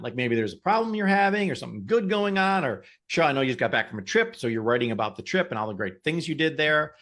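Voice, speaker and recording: A man's voice: on the high side, sing-song, fast talker, few pauses, a bit bright. A man co-hosting a motivational podcast, talking in an upbeat, encouraging way and often repeating words. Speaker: podcast co-host. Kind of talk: casual motivational chat.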